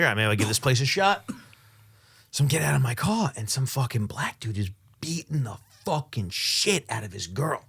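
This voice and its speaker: Man on a podcast, quick talker, lively pitch, swears a lot, casual storytelling. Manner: fast, swearing, filler-heavy. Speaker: podcast co-host.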